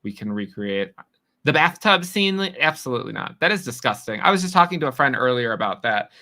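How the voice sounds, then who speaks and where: Streamer guy from New York, bright tone, chatty and teasing with his viewers. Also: mid-range voice, very animated. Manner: chatty, teasing, quick reactions to chat. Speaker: livestream host. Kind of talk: casual livestream chat reading comments.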